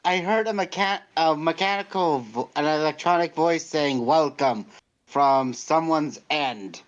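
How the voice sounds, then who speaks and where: A man in a tabletop game speaks slowly and deliberately. His audio is dull and lo-fi. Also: fairly high pitch. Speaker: player. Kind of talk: casual tabletop chat.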